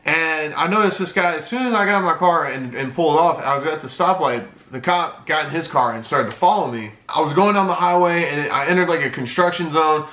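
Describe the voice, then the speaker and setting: A man's voice: on the high side, brisk, hardly any pauses, sharp tone. A man in his twenties telling a casual, rambling story time with plenty of swearing, recorded in an echoey room. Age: 20s. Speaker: YouTuber and streamer.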